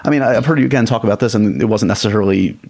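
A man's voice: lowish voice, racing, vocal fry, darkish tone, slightly rough. A man hosting a casual interview, asking long, rambling questions full of restarts. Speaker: podcast host, interviewer.

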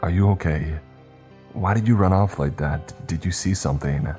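A man's voice: low voice, normal speed, darkish tone, faint music behind, close to an everyday voice. A man voicing an anxious, sweaty young man who pleads and presses with questions while reading a story aloud. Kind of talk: storytelling narration.

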